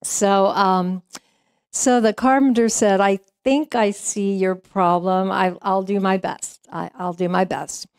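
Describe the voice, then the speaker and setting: A woman minister speaks from the pulpit in a middle-pitched voice, talking loosely and conversationally. She weaves a parable into her sermon, leaning on "you know" and "um" as she goes. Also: fairly even intonation, slow pace, clean tone, no echo, clean studio sound. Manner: warm conversational storytelling with frequent fillers and laughs. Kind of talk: sermon with storytelling. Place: church sanctuary.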